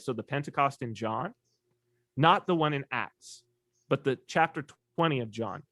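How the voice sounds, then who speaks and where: A man talking as a podcast guest in casual conversation, an animated storyteller who acts out quoted voices. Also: fairly high pitch, no room sound, clean studio sound.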